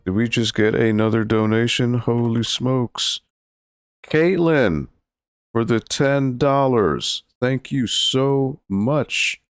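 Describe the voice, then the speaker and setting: A man hosting a charity game livestream, talking in a relaxed, rambling way and thanking donors. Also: mid-range voice, slow pace, clear, resonant tone, dry recording. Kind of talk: casual game streaming.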